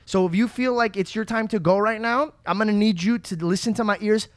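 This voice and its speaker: A man's voice: sits high, a little fast, clean tone, dry recording. A man co-hosting a podcast in casual chat, talking with passion, swearing freely and stumbling over his words when worked up. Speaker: podcast co-host.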